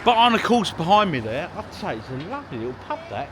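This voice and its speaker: A man's voice: high-pitched, very animated, fast, noisy background. A man vlogging casually to camera, jokey and chatty, talking straight to his viewers. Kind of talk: casual vlog talk to camera. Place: outdoors on a town street and in a pub.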